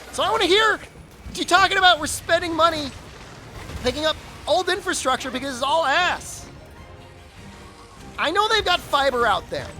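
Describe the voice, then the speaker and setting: A game streamer rants to their chat in a bright, sharp voice that swings widely in pitch. The tone is mock-angry and keeps breaking into laughter. Faint game music plays underneath. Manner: animated, mock-angry ranting with frequent laughs. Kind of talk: casual live-stream chat.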